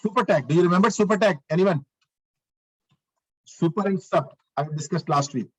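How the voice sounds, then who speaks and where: A male instructor leads a live online lesson, walking through markup step by step. His voice sits a little high. He restarts his phrases often and checks in with the class as he goes. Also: normal speed, husky, low-quality recording. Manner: talks through steps while working, repeats phrases, asks the class questions. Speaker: lecturer. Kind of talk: live online coding lecture.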